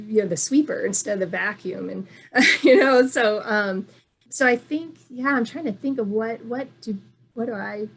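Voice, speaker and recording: A woman chatting casually as a guest from Reno, halting, with many fillers and restarts. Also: on the high side. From moved to Nevada from elsewhere. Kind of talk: casual online chat.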